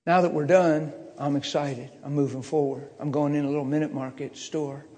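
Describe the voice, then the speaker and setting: A middle-aged male preacher telling his testimony in a slightly high voice, dropping to a near-mutter and then rising to impassioned shouts. His words ring out with a long hall reverb, as if in a church hall. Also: fairly even intonation, moderate pace. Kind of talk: sermon testimony storytelling.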